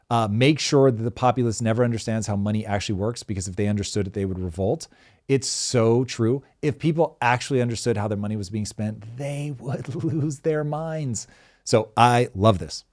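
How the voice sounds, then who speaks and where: A man's voice: mid-range voice, darkish tone. A middle-aged man hosting a show, riffing with emphatic, sarcastic energy and the odd swear. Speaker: show host. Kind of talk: animated commentary chat.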